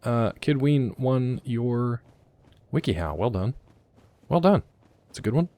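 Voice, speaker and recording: A man's voice: mid-range voice, expressive, measured pace, mellow, no room sound. A man giving casual live gameplay commentary as a streamer, chatty and joking as he reacts aloud and talks to his chat. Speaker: game streamer.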